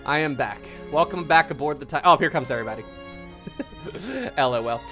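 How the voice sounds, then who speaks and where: A man's voice: fairly high pitch, expressive, normal speed, sharp tone, soft background music. A man hosting a live game stream, commenting playfully, laughing often and putting on theatrical farewells. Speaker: streamer and host.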